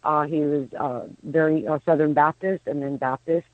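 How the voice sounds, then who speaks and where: A woman's voice: low voice, fairly even intonation, moderate pace, dry recording. A woman in her fifties, a psychic medium guest, telling rambling stories on a radio phone-in, often restarting her sentences. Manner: rambling storyteller, frequent restarts. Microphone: telephone. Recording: tinny phone line.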